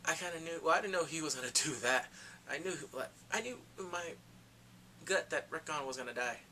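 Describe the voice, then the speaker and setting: A man giving a casual, excitable recap of a TV episode, talking in slang and acting out characters in quick asides. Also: fairly high pitch, a little hiss or hum. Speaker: TV recap vlogger.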